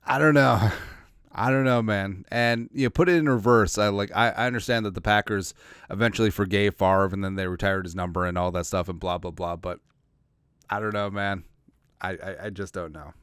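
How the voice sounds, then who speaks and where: A man with a low, smooth and resonant voice hosts a football podcast, loose and sarcastic. He rambles, repeats himself and lets lines fade into mutters. The sound is close and dry, with no room behind him. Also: moderate pace, fairly bright tone, no echo. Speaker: podcast host. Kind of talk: casual sports commentary.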